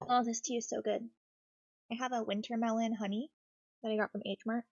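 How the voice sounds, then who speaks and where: A woman chatting in a gentle, reassuring way while she builds a craft kit, talking close to her desk mic. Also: a little high, little pitch movement, a little fast, no room sound, dull audio. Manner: soft-spoken, reassuring, gentle. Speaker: craft streamer. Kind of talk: cozy casual chat while building.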